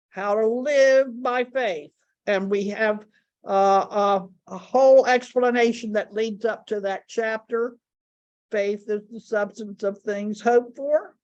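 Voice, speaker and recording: A woman teaching a Bible study lesson, speaking deliberately and repeating key words for emphasis. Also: fairly high pitch, lo-fi sound.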